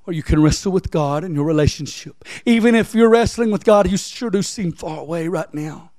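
A man's voice: high-pitched, a little fast, few pauses, darkish tone, dry recording, studio quality. A man preaching a sermon, repeating phrases and rising into emphatic, near-sung lines.

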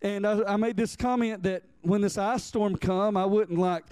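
A man preaching a sermon as pastor. He reads scripture in old-fashioned wording, calls on the congregation to answer back, and slows down to stress key phrases. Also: high-pitched, a little mellow, clear, resonant tone, dry recording.

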